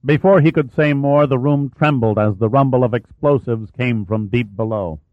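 A man narrates an audiobook in a steady, measured way, his voice sitting at an ordinary middle pitch. He drops to a quieter tone for the characters' lines. The recording is close and dry, with a slightly dull top end. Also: no echo. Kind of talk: scripted narration.

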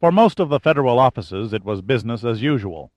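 Measured male audiobook narrator, dry sound. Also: mid-range voice, no echo. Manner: measured, steady reading.

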